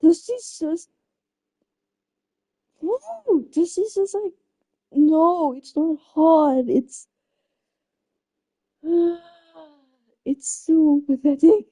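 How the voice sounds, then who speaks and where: A woman's voice: very high-pitched, very slow, pauses often, dark tone. A woman live streamer chatting casually, flustered and exclaiming often as she laughs through her reactions. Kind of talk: casual chat.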